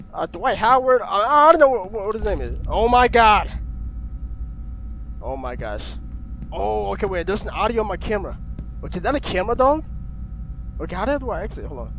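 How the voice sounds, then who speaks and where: A man's voice: high-pitched, background noise. A young man nervously commentating a horror game, jumpy, often swearing and yelping. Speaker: gaming YouTuber.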